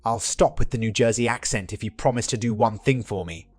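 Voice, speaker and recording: A man's voice: on the low side, fairly quick, a little mellow, husky, no echo, soft background music. A man reading the lines of an earnest, joking middle-aged husband in a dry, plain voice.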